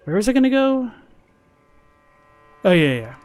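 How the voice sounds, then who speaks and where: Man, high voice, casual gameplay commentary, rambling, thinks aloud. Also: sing-song, unhurried, a little mellow, smooth, no echo. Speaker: gaming streamer.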